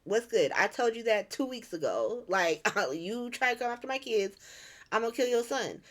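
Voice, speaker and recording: A woman's voice: a little high, animated, normal speed, natural voice. A woman voicing a defiant, scornful middle-aged male mob boss who talks in brash, dismissive slang.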